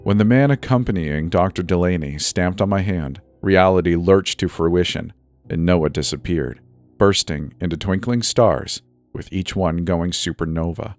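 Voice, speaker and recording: A man reading a horror story as a scripted first-person narration, measured and sometimes drifting soft and slow. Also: low voice, dry recording. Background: faint music.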